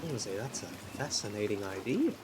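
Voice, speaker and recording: Brief: man voicing a polite young monastery artist, game dialogue read flat and natural. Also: on the low side, quick pace, background noise. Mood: calm. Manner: reading game dialogue aloud in a plain voice. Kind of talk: reading game dialogue aloud.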